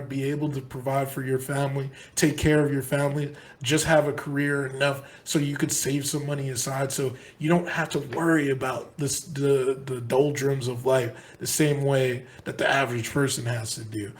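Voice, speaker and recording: A man's voice: mid-range voice, steady tone, normal speed, hardly any pauses. A man co-hosting a sports podcast, talking casually in long, earnest, rambling stretches full of restarts. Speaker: podcast co-host.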